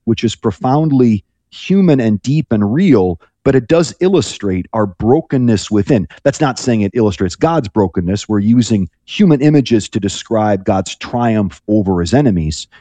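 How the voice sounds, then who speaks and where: A man's voice: fairly low pitch, animated, moderate pace, hardly any pauses, dark tone, no echo. A man who is a priest, guest on a call-in radio show, speaking thoughtfully and rambling with restarts. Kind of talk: reflective radio talk.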